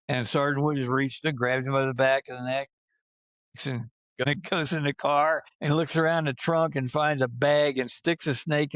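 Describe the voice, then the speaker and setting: A man's voice: fairly high pitch, a bit bright, no room sound. Older man telling rambling stories. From Georgia. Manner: rambling, repeats and restarts phrases, chuckles through stories. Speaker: podcast guest storyteller. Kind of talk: casual storytelling.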